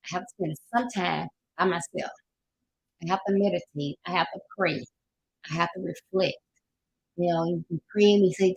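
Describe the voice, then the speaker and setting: A woman's voice: on the low side, steady tone, normal speed, gravelly, darkish tone, slight background noise, low-quality recording. An older woman with a Southern US accent, hosting a casual motivational talk, folksy and preachy, sometimes laughing as she talks. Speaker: life coach host.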